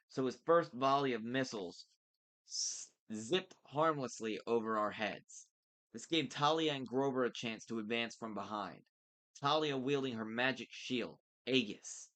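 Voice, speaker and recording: A man reading a novel aloud in a relaxed, casual way, stopping now and then to correct slips. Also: mid-range voice, unhurried. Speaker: book reader. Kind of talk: casual read-aloud narration.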